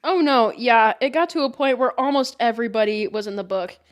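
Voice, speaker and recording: Animated, swearing young woman podcast host. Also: on the high side, fairly quick. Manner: animated, swearing storyteller, often laughing. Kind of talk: casual chat.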